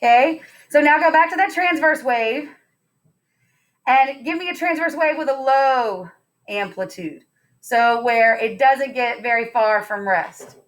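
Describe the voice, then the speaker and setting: A woman's voice: high-pitched, unhurried. A woman teacher giving a science lesson in a classroom, upbeat and playful, putting questions to her students.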